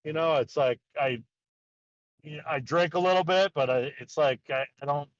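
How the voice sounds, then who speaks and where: Man, casual rambling storyteller, fairly high voice, dry muffled recording. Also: normal speed, dry recording. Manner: rambling, heavy use of "like", acts out quotes. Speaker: guest, BMX park builder.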